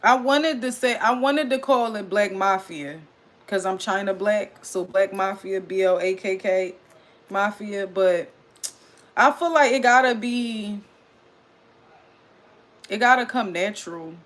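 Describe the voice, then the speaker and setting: A woman hosting a casual livestream recap, chatting loudly and excitedly with her chat and reading their comments aloud. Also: medium pitch, a little slow, pauses often.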